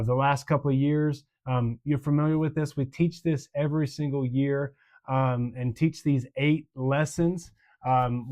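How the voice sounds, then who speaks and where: A man, a children's pastor, walking volunteers through upcoming lessons in a casual, chatty way, full of ums and uhs, slowing down to recite verses with hand motions. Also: mid-range voice, darkish tone. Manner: demonstrates motions with slow emphatic recitation. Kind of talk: volunteer training walkthrough.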